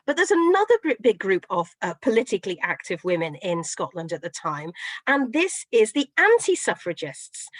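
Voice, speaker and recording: Animated woman lecturing with a story. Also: fairly high pitch, dry recording, low-quality recording. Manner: lively storytelling with fillers. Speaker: professor giving a history talk. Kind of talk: online lecture. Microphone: video call.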